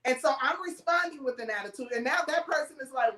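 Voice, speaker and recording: A woman's voice: sits high, lively intonation, quick pace, a bit bright, roomy sound, distant mic, poor audio. A woman talking in a casual chat, emphatic and full of stories, laughing as she goes.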